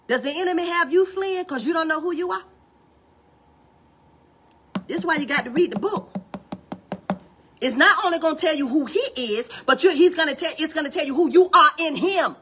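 A woman's voice: high voice, normal speed, long pauses, sharp tone. A woman preaching a morning devotional in a fiery, colloquial style, acting out the people in the story. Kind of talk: sermon.

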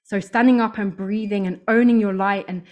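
A woman's voice: mid-range voice, fairly even intonation, fairly quick, darkish tone, lo-fi sound. A woman, working as a voice coach, giving an upbeat motivational talk to a live audience and stressing key words by repeating them.

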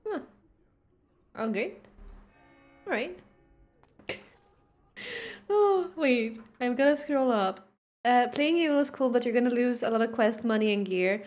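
A woman's voice: a little high, unhurried, long pauses, soft background music. A woman streaming a video game, chatting casually and giggling often. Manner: giggly, animated.

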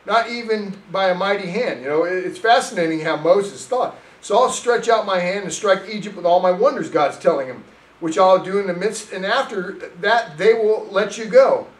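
A male pastor preaching a sermon, reading scripture and telling stories in an animated way. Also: sits high, moderate pace, reverberant, far from the mic, rough recording. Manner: animated storytelling, reads scripture aloud. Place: church sanctuary.

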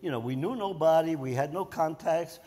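A man in his nineties, a war veteran guest, telling his story haltingly with many fillers and restarts. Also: fairly high pitch, warm tone. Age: 90s. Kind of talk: storytelling interview. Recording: long reverb of a hall.

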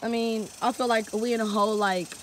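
A woman's voice: fairly high pitch, fairly even intonation, brisk, slight background noise. A young woman chatting casually and swearing freely while vlogging on a phone outdoors. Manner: laid-back, swears often, slangy. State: out of breath. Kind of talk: casual vlog chat. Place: outdoors by a creek.

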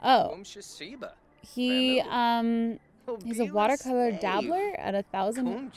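A young adult woman, a gaming YouTuber, gives casual let's-play commentary on a life-sim game. Her voice is a little high and she takes it slowly, with crowd noise behind her, while she narrates herself in a chatty, giggly, playful way.

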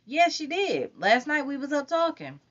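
A woman voicing a bold, scheming young heroine in an audiobook reading, pushy and quick to snap, on a dull lo-fi recording. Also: sits high, big pitch swings, a bit bright, pitched above the performer's own voice.

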